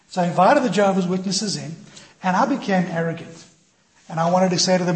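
A male pastor preaching a sermon, telling a personal story in an animated, self-deprecating way and acting out the voices in it. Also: high-pitched, fast. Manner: animated, self-deprecating, acts out quoted dialogue. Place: church.

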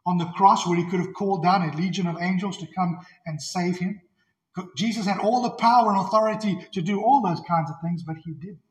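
High-voiced emphatic man preaching. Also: brisk, low-quality recording. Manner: earnest, emphatic, repeats key phrases. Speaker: pastor. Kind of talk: expository sermon.

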